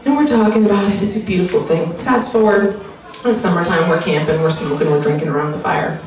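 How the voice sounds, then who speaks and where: Doing a stand-up bit, this American comic in her 30s impersonates a pushy skincare advertiser in a lowish voice that's fairly quick with fairly even intonation. The delivery is conversational storytelling, brash and profane. Crowd noise fills the echoey room of the live comedy venue, and the mic sits far away.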